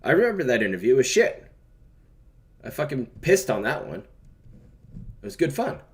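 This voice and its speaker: A man hosting a livestream, pausing a clip to mock its speaker with profane, taunting commentary. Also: mid-range voice, very animated. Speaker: commentary streamer.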